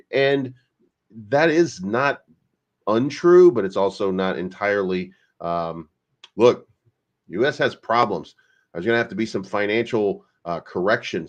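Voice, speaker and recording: A man hosting a crypto channel, chatting casually about the market in a rambling, joking way full of fillers and restarts. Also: on the low side. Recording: slightly dull lo-fi sound.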